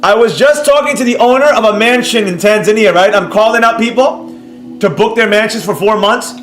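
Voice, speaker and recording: A man streaming live as a trading educator, reading viewer comments and talking straight to the audience in a brash, boastful way that jumps loud when he gets excited. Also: sits high, brisk. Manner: animated, bursts up loudly when excited. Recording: roomy sound with faint music behind.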